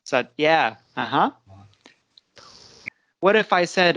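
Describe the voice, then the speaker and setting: A woman's voice: on the low side, animated, takes it slowly, fairly bright tone. An American woman teaching a live English pronunciation lesson, patiently explaining step by step and checking in with her listeners. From United States.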